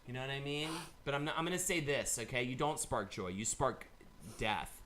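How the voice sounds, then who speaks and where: A man's voice: mid-range voice, lively intonation, moderate pace, a little hiss or hum. A man hosting a casual live-streamed chat, rambling and swearing freely. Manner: profane, rambling, shifts into loud bits. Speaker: host.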